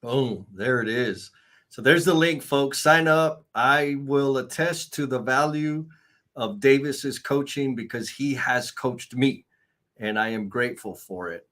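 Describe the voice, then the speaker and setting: A man's voice: medium pitch, measured pace, fairly bright tone. A man hosting an online conference, hyped and enthusiastic, cheering on the speaker. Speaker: host.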